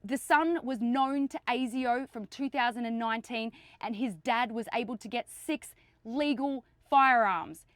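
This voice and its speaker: A woman's voice: a little high, measured pace, dry recording, clean studio sound. A woman giving an impassioned speech, urgent and emphatic, repeating her points. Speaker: activist.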